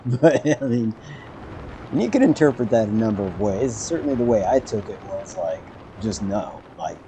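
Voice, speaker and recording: A man's voice: on the low side, sing-song, normal speed, warm tone, a little hiss or hum. A man streaming a game, telling a rambling story with dry humor and frequent self-corrections. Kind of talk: casual storytelling while streaming.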